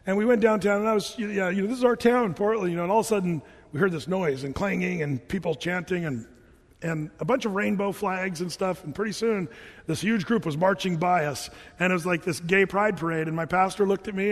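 High-voiced pastor preaching in a hall. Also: male voice, brisk. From Oregon. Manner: conversational preaching with jokes and chanted scripture. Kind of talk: sermon. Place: church hall. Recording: reverberant church hall.

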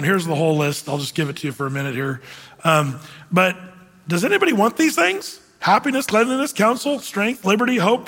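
A high, husky male voice preaching to his congregation, lively and animated as he tells a story. The sound rings with the long reverb of a church hall. He ends by slowing into prayer. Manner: animated, grows excited and laughing while retelling. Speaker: pastor. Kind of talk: sermon with storytelling and closing prayer.

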